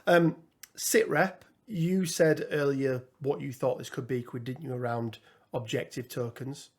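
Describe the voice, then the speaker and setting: A man's voice: mid-range voice, steady tone, measured pace. Man musing in casual gaming chat. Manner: musing, thinks aloud with frequent restarts and fillers. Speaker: podcast co-host.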